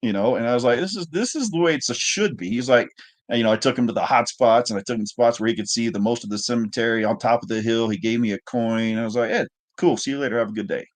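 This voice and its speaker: Relaxed man telling a casual story. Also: medium pitch, quick pace. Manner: relaxed, profane, rambling. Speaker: podcast co-host.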